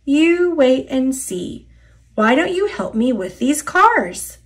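A woman's voice: high-pitched, big pitch swings, slow pace, voice pushed up, exaggerated voice. Woman doing a kindly old engine. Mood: reassuring. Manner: gentle, reassuring. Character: kind, calm old male steam engine. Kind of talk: storybook read-aloud.

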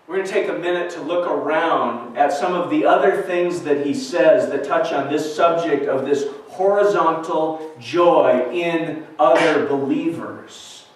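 High-voiced pastor preaching in echoey church. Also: male voice, moderate pace. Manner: earnest, questioning preaching with read-out scripture. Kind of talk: sermon. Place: church sanctuary. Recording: echoey church recording from far off.

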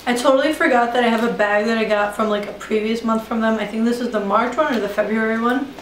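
Young woman beauty vlogger, high-ish voice, rambling and chatty; mic set back in a roomy space. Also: fast talker, slight background noise. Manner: chatty and rambling, full of "like" and "you know". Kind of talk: casual haul video chat. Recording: roomy sound from a distance from the mic. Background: heavy rain outside.

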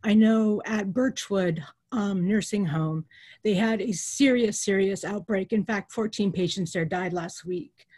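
A woman's voice: medium pitch, darkish tone, slightly rough. Earnest, emotional woman nurse. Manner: earnest, emotional, halting with fillers. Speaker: nurse union representative. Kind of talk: virtual town hall statement.

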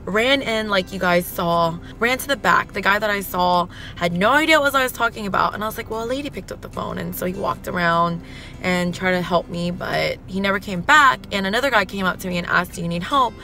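A young woman with a husky voice, chatting excitedly to her viewers in a casual vlog. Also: mid-range voice, fairly quick. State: husky, lowered voice while recovering. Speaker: vlogger.

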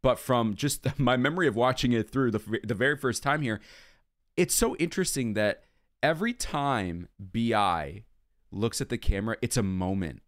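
A man's voice: mid-range voice, moderate pace, dry recording, clean studio sound. A man hosting a music video reaction, talking casually and gushing about what he sees and hears. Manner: animated, gushing, hums along to the melody.

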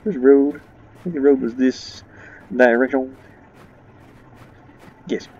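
A man's voice: mid-range voice, fairly even intonation, slow pace, a little mellow, husky, lo-fi sound. A man giving let's play commentary, rambling and joking his way through a spooky game, laughing at his own nerves. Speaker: gaming channel host.

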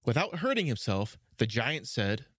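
Male narrator, fairy tale reading, lively pitch, dry close recording. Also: normal speed, no room sound. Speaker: storyteller. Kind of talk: storybook narration.

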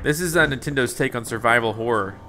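A man's voice: medium pitch, quick pace, over music. A man giving casual, playful commentary while playing a video game, laughing often and exclaiming at surprises. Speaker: gaming YouTuber. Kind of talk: casual let's play commentary.

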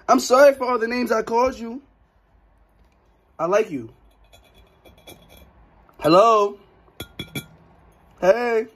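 His voice sits high with a breathy edge as the anxious young man vlogs in a relaxed style. He yelps from time to time and won't stop insisting that he isn't frightened, clearly on edge.

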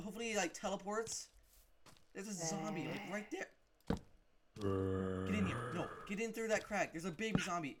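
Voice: medium pitch, animated, normal speed, long pauses, very noisy. A gamer giving jumpy, unscripted let's-play commentary while talking to the game.

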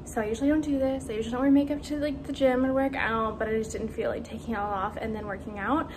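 A woman's voice: on the high side, fairly even intonation, fast talker. A young woman in her twenties chatting casually to camera at home, with lots of fillers. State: out of breath. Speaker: vlogger. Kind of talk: casual vlog chat. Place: at home in an apartment. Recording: home camera audio with clear background noise.

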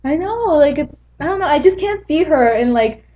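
Chatty woman, high and lively. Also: moderate pace, noisy background. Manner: chatty, hedges with "like" and "I don't know". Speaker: guest. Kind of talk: casual chat. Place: indoors at home.

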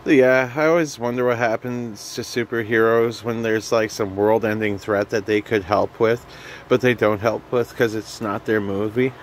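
A man hosting a rambling comedy vlog, with goofy asides and some soft, quiet remarks. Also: fairly low pitch, steady tone, normal speed, slight background noise. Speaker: comedy vlogger.

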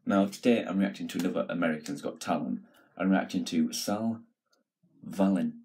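A man's voice: sits low, a little fast, a little mellow. A man hosting a casual reaction video, chatty and laughing, stumbling over names as he talks.

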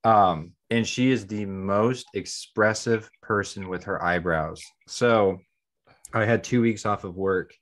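A man chatting loosely as a podcast co-host, his voice sitting a little low. He rambles, fills his talk with "like" and keeps restarting sentences as he works out his point. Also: takes it slowly. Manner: rambling, heavy use of "like". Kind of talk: casual podcast chat.

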